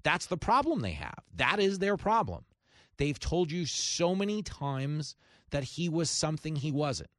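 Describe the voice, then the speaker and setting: Animated, sarcastic man hosting a radio show. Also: on the high side, a little slow, no room sound, studio quality. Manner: heated, sarcastic, mocking voices of opponents. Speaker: radio talk show host. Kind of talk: opinionated radio monologue.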